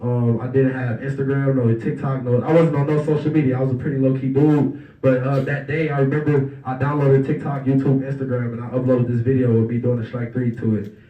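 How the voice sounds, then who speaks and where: A young man giving a casual, storytelling speech as guest speaker at a banquet, relaxed and conversational, acting out the voices of people in his stories. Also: mid-range voice, a little fast. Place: banquet hall. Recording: roomy, distant, dull hall recording.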